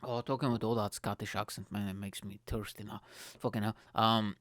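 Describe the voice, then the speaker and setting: A man hosting his own podcast from his attic room, talking in an excitable, profane, joking monologue. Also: lowish voice, brisk, no echo. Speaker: podcast host. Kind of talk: casual solo podcast monologue.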